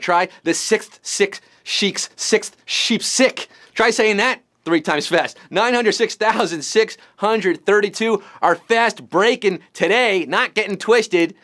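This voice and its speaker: Punning high-voiced quiz show host. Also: male voice, a bit bright. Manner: punning, jokey, bouncy delivery with sudden silly voices. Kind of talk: live trivia game hosting.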